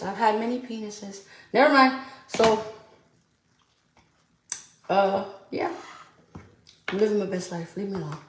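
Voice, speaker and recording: A woman's voice: mid-range voice, a little slow, pauses often, slight background noise. A young woman with a New York accent hosts a podcast solo, chatting casually while doing her makeup, candid and profane. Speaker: podcast host. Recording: echoey room.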